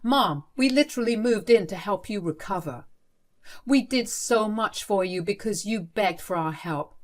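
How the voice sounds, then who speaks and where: A woman's voice: mid-range voice, animated, moderate pace, natural voice. A woman voicing an angry adult son confronting his mother in an outraged way.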